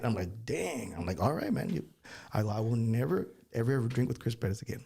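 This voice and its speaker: A man, a guest musician, telling casual stories in an animated way and laughing as he talks. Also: mid-range voice, fast, vocal fry, slightly rough. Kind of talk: casual storytelling.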